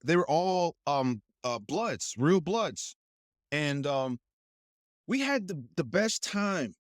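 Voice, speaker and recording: The clip features a man with a somewhat high voice telling a story slowly as a guest actor in casual chat, with studio-quality sound and no echo. Animated and quick to laugh, he voices the characters he quotes.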